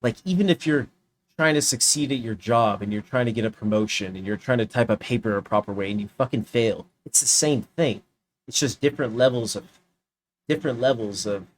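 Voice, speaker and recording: A man's voice: medium pitch, slight background noise. Fired-up man ranting. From United States. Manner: heated, profane, emphatic. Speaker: streamer. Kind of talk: ranting reaction commentary.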